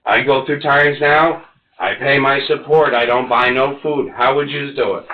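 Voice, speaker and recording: A man's voice: fairly even intonation, normal speed. Agitated, ranting man in his forties. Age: 40s. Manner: agitated profane ranting, swinging between loud outbursts and low mutters. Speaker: interrogation suspect. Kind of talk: police interrogation. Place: police interrogation room. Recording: echoey, muffled interrogation room recording.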